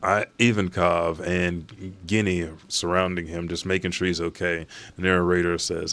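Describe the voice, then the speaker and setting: A man hosting a casual reaction, reading a chapter aloud. He swears freely and gets excited. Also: sits low, normal speed, hardly any pauses. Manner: profane, excitable, reads quoted lines aloud. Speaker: manga reaction host.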